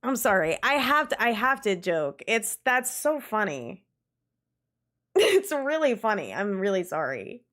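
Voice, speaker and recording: A young adult woman streaming a game and chatting casually with her viewers, animated and quick to laugh, swearing freely. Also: mid-range voice. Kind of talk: casual live-stream chat.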